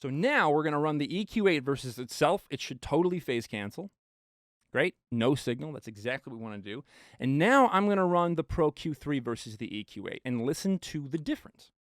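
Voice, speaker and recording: A male mixing engineer giving an animated studio tutorial, with playful asides to viewers. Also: a little high, fairly quick, no room sound.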